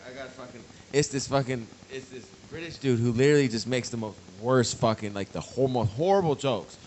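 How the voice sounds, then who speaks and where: A man's voice: mid-range voice, fairly quick, a little mellow, slight background noise, rough recording. A man on a casual podcast, making his points emphatically and swearing freely. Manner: emphatic, profane storytelling. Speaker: podcast co-host. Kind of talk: casual chat.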